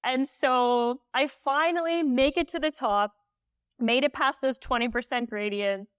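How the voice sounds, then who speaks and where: A woman speaks as a podcast guest, telling her story in an animated, candid way with plenty of "like" fillers. Her voice sits a little high and sounds smooth and clear. The recording is dry and close. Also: a little slow, no echo. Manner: emotional when recalling.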